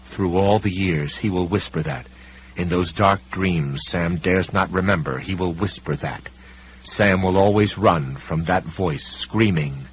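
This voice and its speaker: Deep-voiced male audiobook narrator. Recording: dull recording with faint hum.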